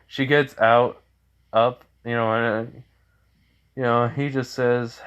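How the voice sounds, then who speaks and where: A man's voice: mid-range voice, little pitch movement, a little slow, a bit bright, clear, resonant tone, dull audio. A man casually improvising a story aloud, rambling with frequent fillers and self-corrections.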